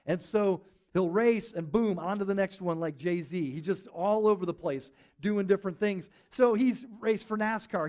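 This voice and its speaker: A male pastor with a high voice delivers a sermon to a live church congregation. He tells a story in an animated way and slips into the voices of the people he quotes. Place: church service with live audience.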